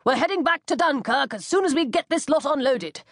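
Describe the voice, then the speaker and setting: A woman voicing a brisk, commanding older naval commander in an audiobook. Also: high voice, lively intonation, dry recording, studio quality, voice pushed up. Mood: firm. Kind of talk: audiobook character voice.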